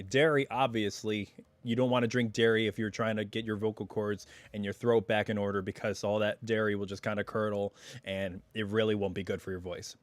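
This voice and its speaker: A man hosting a casual live stream from home, chatting in a rambling way full of asides, his voice still a little hoarse as it recovers. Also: lowish voice, dry recording.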